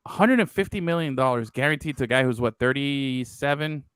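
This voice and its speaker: A man with a bright, crisp voice talks football in a loose, rambling way, swearing freely. The sound is dry and close. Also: medium pitch, animated, fairly quick, dry recording. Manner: loose and profane, rambling with fillers. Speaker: podcast co-host. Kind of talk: casual sports talk.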